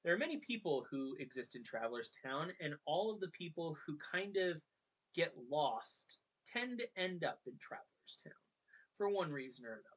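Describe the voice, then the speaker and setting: A podcast host retelling a video game story in a casual, chatty way, now and then slipping into quick character voices. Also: mid-range voice, big pitch swings, fairly bright tone, husky.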